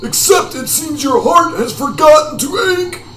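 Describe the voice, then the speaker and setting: Guy doing a high shouty old martial arts master, scolding, far off and echoey. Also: measured pace, soft background music. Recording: echoey room, distant mic.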